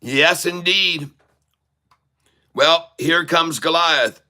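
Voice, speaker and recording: A man's voice: medium pitch, a little slow, bright, forceful tone. A man giving live stock trading commentary, boastful and teasing with crude jokes and frequent laughs. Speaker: stock trader streamer.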